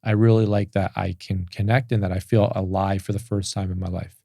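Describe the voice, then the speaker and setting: A man's voice: deep voice, flat delivery, brisk, creaky, mellow, no echo, clean studio sound. A man speaking as a podcast guest, telling an emotional personal story in a candid, open way with many restarts. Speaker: podcast guest, business coach.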